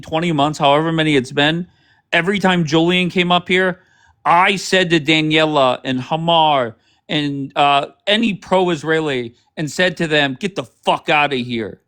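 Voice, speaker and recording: A man's voice: on the high side, a bit bright, smooth. A man hosting a livestream, ranting sarcastically over clips with plenty of swearing. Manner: sarcastic, profane, heated. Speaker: livestream host.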